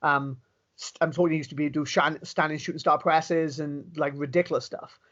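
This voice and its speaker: A man's voice: on the high side, fairly even intonation, fairly bright tone. A young Welsh man being interviewed, telling stories eagerly and restarting his sentences often. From Wales. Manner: fast, enthusiastic storytelling with many restarts. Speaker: interview guest, pro wrestler. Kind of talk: casual interview chat. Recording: dull lo-fi recording.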